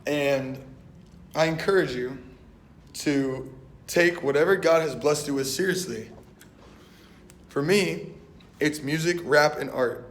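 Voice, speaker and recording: A man's voice: slow, long pauses. A young man and Christian rapper giving a casual, slang-filled faith talk, retelling a Bible story and acting out its voices. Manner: animated and slangy, acting out voices with "boom" and "bet". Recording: roomy echo.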